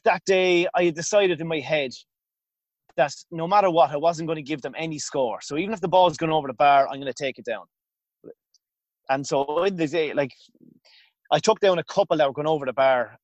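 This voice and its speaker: In a casual interview full of restarts, a former hurling goalkeeper with an Irish accent tells long anecdotes. His voice is medium-pitched, and the recording is dry.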